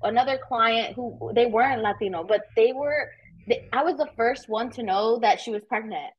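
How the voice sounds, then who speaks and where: A woman realtor chatting in a casual interview, telling animated stories and swearing casually. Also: fairly high pitch, moderate pace, husky, highs cut off. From United States. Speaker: realtor guest.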